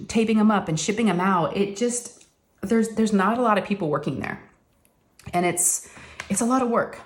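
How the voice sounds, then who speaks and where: A woman in her thirties or forties telling a rambling story to her viewers. She has a somewhat low voice, keeps it casual and easy with lots of fillers, and a faint hiss sits behind her. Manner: rambling, addresses viewers as y'all, uses many fillers. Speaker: crafting channel host.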